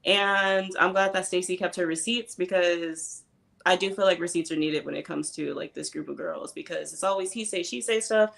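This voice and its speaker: A woman's voice: lowish voice, moderate pace, vocal fry, a bit bright. A woman on a reality TV discussion panel giving candid, opinionated commentary. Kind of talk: casual commentary.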